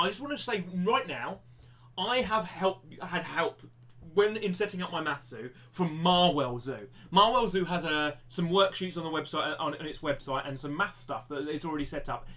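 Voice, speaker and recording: Male maths teacher on a live stream, voice a touch high, friendly and rambling, self-mocking asides. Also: fairly bright tone. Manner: chatty, self-deprecating, thinks aloud with restarts.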